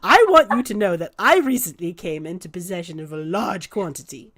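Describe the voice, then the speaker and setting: A woman voicing an effusive, nosy nobleman who talks loudly and eagerly, for a tabletop game. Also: fairly low pitch, lively intonation, fairly quick, pitched below the performer's own voice. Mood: gushing. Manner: effusive, loud and overeager. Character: gushing, nosy male nobleman, middle-aged.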